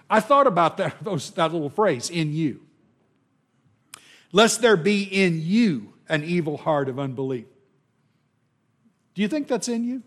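A man preaching a sermon to his congregation in a conversational, self-deprecating way, asking them questions. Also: a little high.

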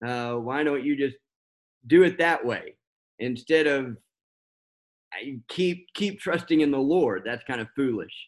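A man's voice: mid-range voice, expressive, a little slow, pauses often. A man preaching a sermon, talking unscripted with many fillers and restarts.

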